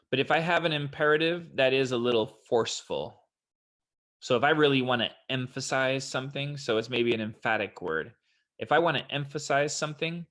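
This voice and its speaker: A man's voice: medium pitch, a bit bright. Casual man explaining test answers. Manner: casual, explanatory, quotes examples in a put-on voice. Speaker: SAT tutor. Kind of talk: online test prep walkthrough.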